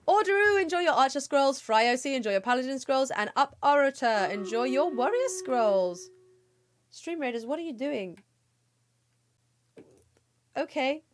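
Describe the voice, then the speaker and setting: A woman's voice: high-pitched, animated, unhurried, pauses often. A young adult woman chatting upbeat and casually to her viewers while streaming a game. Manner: chatty and upbeat, talking to chat. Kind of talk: casual live-stream chat.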